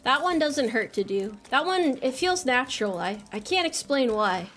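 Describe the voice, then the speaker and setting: A young woman with a bright, high voice chats loosely as she plays a game on stream, teasing herself and answering chat. Her American speech is quick to joke, and faint music runs behind her. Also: big pitch swings. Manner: playful, self-mocking, reads chat messages aloud. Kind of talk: casual live-stream chat while gaming.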